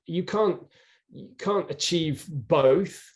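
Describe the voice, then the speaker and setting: Over a video call, a middle-aged former rower tells his story earnestly as an interview guest. His voice is on the high side and slow, and he restarts often.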